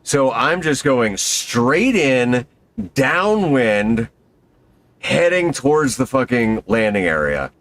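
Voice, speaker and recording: Animated, swearing man telling a story. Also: slow, slight background noise. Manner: profane, excitable, acts out quotes in a higher voice.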